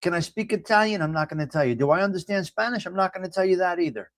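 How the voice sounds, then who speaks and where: New York guy hosting a morning show, talkative and rambling, a bit high-pitched, dry close sound. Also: fast talker, no room sound. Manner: rambling, repetitive and chatty, often addresses viewers by name. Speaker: host. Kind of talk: casual morning chat reading a horoscope and viewer comments.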